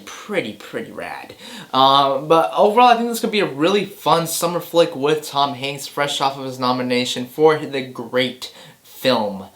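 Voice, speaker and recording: A man's voice: medium pitch, a bit bright. A man hosting a casual movie reaction chat, speaking enthusiastically and often restarting or repeating words. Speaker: host of a movie news chat show.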